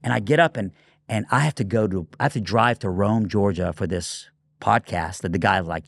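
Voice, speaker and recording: Lively, low-voiced storytelling pastor. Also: male voice, a little fast, vocal fry, no echo, clean studio sound. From Iran. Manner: animated, lots of fillers and acted quotes. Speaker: pastor and guest. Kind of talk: storytelling in an interview.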